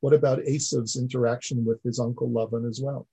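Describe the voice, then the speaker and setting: A man's voice: mid-range voice, little pitch movement, brisk, vocal fry, mellow, husky, low-quality recording. A man teaching a class, explaining earnestly and repeating words as he builds each point. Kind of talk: classroom lecture.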